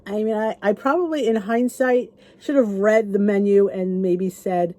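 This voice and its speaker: A woman's voice: on the high side, lively intonation, fairly quick, warm tone. A middle-aged woman vlogger, talking to the camera in a chatty, rambling and encouraging way. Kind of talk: casual chat to camera.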